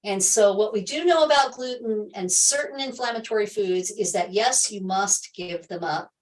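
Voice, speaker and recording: A woman's voice: medium pitch, moderate pace, far from the mic, poor audio. A middle-aged woman hosting a health livestream, telling a personal story to viewers in an emphatic way, repeating key phrases and laughing often.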